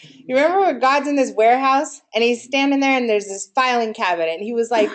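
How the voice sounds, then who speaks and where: Running a live marketing workshop in front of an audience, a woman speaks fairly quickly in a fairly high voice. She keeps asking listeners questions and inviting their answers.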